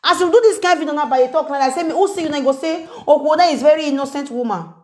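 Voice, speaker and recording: A woman's voice: sits high, very fast, a little mellow. A woman with a Nigerian Pidgin English accent, ranting and mocking someone in a confrontational commentary video. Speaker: social media commentator. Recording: echoey room.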